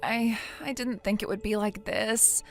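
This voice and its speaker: Brief: woman voicing whiny, defensive young wife, text-story read, soft music behind. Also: a little high, steady tone, measured pace, lightly acted. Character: self-pitying young wife who cheated.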